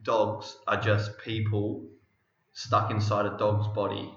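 A man's voice: on the low side, monotone, slow. A young Australian man hosting a fitness podcast in a loose, joking, rambling way. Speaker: podcast host and fitness coach. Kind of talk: casual podcast chat. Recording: echoey room, dull lo-fi sound.

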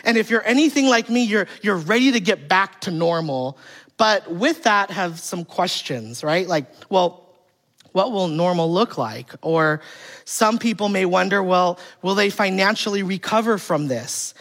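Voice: mid-range voice, expressive, unhurried, a bit bright. A pastor giving a conversational sermon, telling funny family stories and putting rhetorical questions to the congregation. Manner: humorous storytelling, acting out family dialogue.

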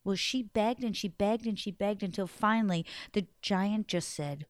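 A woman storyteller telling a folktale live to children, in a lively, animated way. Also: medium pitch, normal speed, few pauses, no echo, studio quality.

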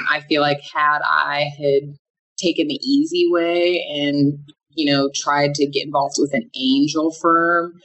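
A woman's voice: deep voice, a bit bright, rough recording. A young adult woman, a business founder, answering interview questions candidly with frequent restarts.

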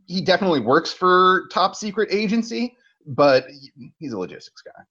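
Guy on a podcast recapping a movie, gets animated, swears a lot, kinda muffled audio. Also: high-pitched, moderate pace. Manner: animated storytelling, swears freely. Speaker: podcast co-host. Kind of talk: casual movie recap chat.

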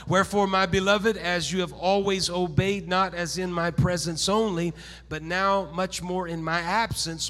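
A man preaching a sermon in a reverberant church hall. His voice is very bright and gravelly, pitched fairly high. He teaches calmly, then builds to shouted, sing-song preaching. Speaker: pastor. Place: church sanctuary.

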